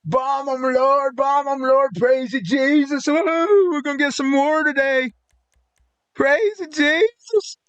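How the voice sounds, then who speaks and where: A man's voice: extremely high pitch, a bit bright, no room sound, pitched above the performer's own voice, full character voice. A man mocking a gloating self-righteous zealot. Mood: gleeful. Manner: slow, drawn-out, sing-song mockery.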